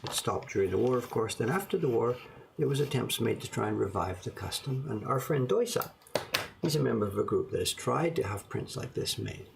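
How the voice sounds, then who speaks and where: Gravelly-voiced man musing over old prints. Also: medium pitch, lively intonation, a little fast, noisy background. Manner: rambling, musing aloud, self-deprecating. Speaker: print collector showing his collection. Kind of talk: casual show-and-tell to camera.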